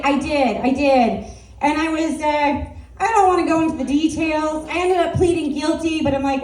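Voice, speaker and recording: Woman, high voice, rambling open-mic comic, loud and chatty; roomy room sound, mic set back. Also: distant mic. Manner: loose rambling storytelling with frequent fillers and laughs; loud, asks if she should tone down her voice. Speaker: stand-up comedian. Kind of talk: open-mic stand-up storytelling. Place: small live venue with an audience.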